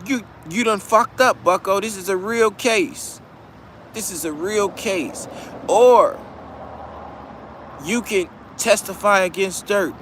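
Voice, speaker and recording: A man doing a condescending lawyer who talks down to his client in a stiff, mock-formal voice. The voice is pushed up higher than his own and sounds louder and more emphatic. A faint hum sits underneath. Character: pushy male lawyer pressuring a defendant.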